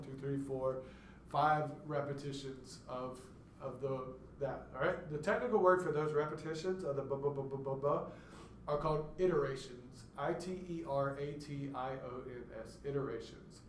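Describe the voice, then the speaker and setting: A man's voice: fairly high pitch, a little hiss or hum. A man giving a classroom lecture, explaining step by step and acting out stuttered words to demonstrate. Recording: echoey room, mic far off.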